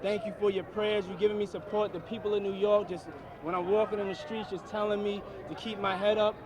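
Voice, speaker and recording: A man giving an emotional, halting statement to reporters outside on a city street, repeating himself. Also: high-pitched, little pitch movement. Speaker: defendant speaking to press. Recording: crowded street news footage. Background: crowd of reporters.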